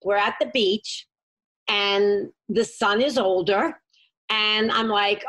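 A woman's voice: fairly high pitch, a little slow. A middle-aged woman, a guest, chatting casually and telling rambling stories, often stopping and restarting her sentences. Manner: rambling, self-interrupting, animated storyteller. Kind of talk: casual chat.

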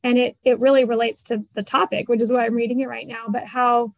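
A woman's voice: fairly high pitch, level tone, brisk, no echo, rough recording. A woman guest on a podcast, talking earnestly and encouragingly about parenting. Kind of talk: conversational interview.

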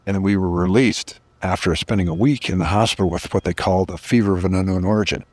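A man's voice: low-pitched, quick pace, a little mellow, no room sound. A middle-aged man as a podcast guest, earnestly telling a personal story with reflective emphasis.

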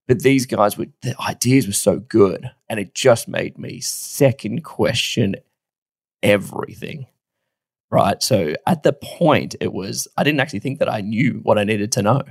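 A man, co-hosting a podcast and telling a story in a casual, animated way, swearing now and then and laughing often. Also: lowish voice, no room sound, studio quality. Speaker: podcast co-host.

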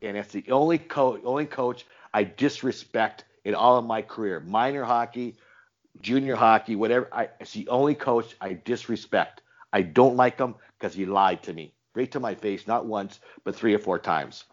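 An older man, a retired hockey player, telling animated stories in a casual interview with many repeated words. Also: on the low side, normal speed. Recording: dull lo-fi recording.

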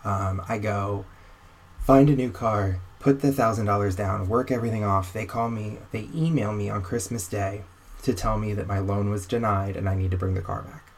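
A young man with a slightly low voice tells a long personal story in easy, conversational talk. He is wry and animated, and he acts out what other people said to him. A faint hiss sits under the recording. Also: moderate pace. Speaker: guest telling a personal story.

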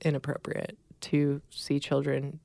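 A woman's voice: low-pitched, completely flat delivery, a little slow, vocal fry, warm tone, no room sound, studio quality. A woman co-hosting a podcast, talking frankly and laughing often in casual chat. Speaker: podcast co-host.

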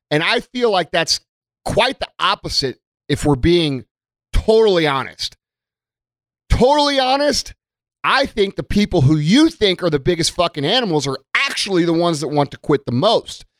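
In a clean studio recording with no room sound, a man with a slightly high, somewhat bright voice gives his followers a motivational talk. As a motivational content creator, he's blunt, emphatic and profane.

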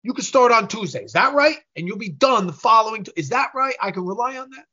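A man acting out a furious business owner who scolds a young contractor, loud and repetitive. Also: sits high, fast talker, vocal fry, highs cut off, exaggerated voice. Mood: demanding. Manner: loud, scolding, repeats himself.

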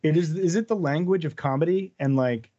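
A man's voice: on the high side, fairly quick, warm tone, no room sound. A man co-hosting a casual podcast chat, enthusiastic and agreeable, laughing often. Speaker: podcast co-host. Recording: dry, dull lo-fi sound.

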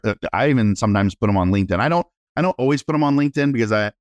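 A man, a realtor guest, telling animated and self-deprecating stories in a casual interview. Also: medium pitch, racing, hardly any pauses, no echo.

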